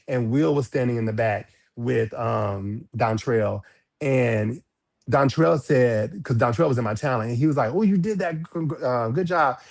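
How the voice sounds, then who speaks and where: A man telling a story as a podcast guest, frank and animated, with cursing and sudden high jumps in pitch when he quotes people. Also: vocal fry. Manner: frank, swears freely. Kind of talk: storytelling in a casual interview.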